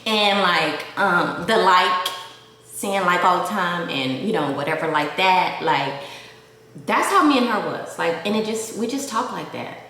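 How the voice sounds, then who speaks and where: A woman's voice: lowish voice, expressive, unhurried, sharp tone. A woman in her thirties vlogging, telling a personal story in a casual confessional way, with a mix of Southern and Valley accent, rambling with lots of "like" fillers. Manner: rambling, heavy use of "like" fillers. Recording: very echoey room with faint hiss.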